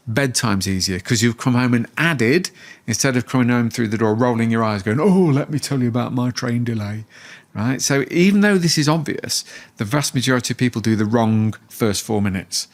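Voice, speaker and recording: A middle-aged man being interviewed on a podcast, speaking in an ordinary middle register. He tells stories with enthusiasm and acts out family conversations as he goes. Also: mid-range voice. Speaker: positive psychology researcher and guest.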